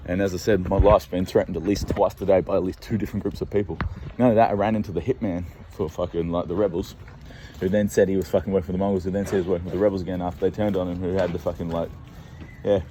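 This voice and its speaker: Low-voiced, agitated Australian man rambling. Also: fairly even intonation, racing, mellow, a little hiss or hum. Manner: rambling, agitated, heavy swearing. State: scared and on edge. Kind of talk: rambling monologue to camera. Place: outdoors on a city street, walking and pacing.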